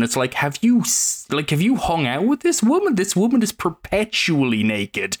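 A man co-hosting a podcast, chatting casually about films, animated and quick to swear and laugh. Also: on the high side. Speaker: podcast co-host. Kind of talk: casual film review chat.

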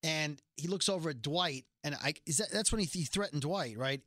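High bright-voiced man recapping casually. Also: a little fast, dry recording, studio quality. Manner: animated, acts out quotes in playful voices. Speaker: podcast co-host.

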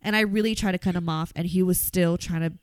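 A woman's voice: on the low side, steady tone, quick pace, clear, resonant tone, no echo, clean studio sound. A young woman in casual, candid chat, blunt and profane, laughing often as she talks.

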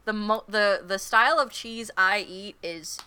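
A woman's voice: mid-range voice, unhurried, pushed and bright, clean tone. A woman co-hosting a podcast in casual chat, joking and laughing often at her own show. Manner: laughing often, jokey and self-mocking. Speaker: podcast co-host.

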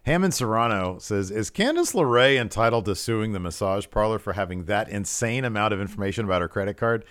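A man's voice: fairly low pitch, animated, brisk, a bit bright, dry recording, studio quality. A man co-hosting a casual wrestling chat show, laid-back, laughing easily and reading out fan questions. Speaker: podcast co-host.

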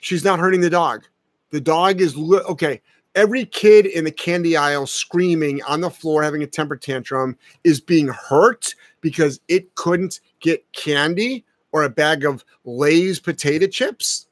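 A middle-aged man hosts a live dog-training show, blunt and emphatic, ranting with profanity. His voice sits a little high, and the sound is dry and close. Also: a little slow, no room sound. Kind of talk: casual live-stream advice chat.

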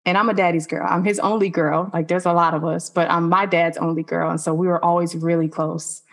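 A woman's voice: lowish voice, level tone, fairly quick. Earnest woman sharing a personal testimony. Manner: earnest, conversational, many "like" fillers. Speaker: podcast guest. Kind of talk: personal testimony in a faith podcast interview.

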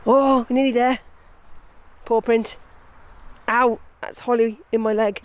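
A woman's voice: fairly high pitch, fairly even intonation, unhurried, long pauses. A woman hosting a podcast outdoors on a woodland path, chatting casually, giggling and breaking off into asides while reading aloud. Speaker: podcast host.

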